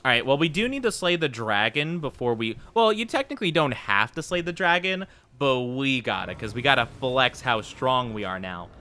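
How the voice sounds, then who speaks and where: A man's voice: mid-range voice, lively intonation, moderate pace, hardly any pauses, pushed and bright. A man streaming a video game, chatting playfully with his viewers in a casual commentary style and laughing often. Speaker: VTuber streamer. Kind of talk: casual gaming commentary to chat.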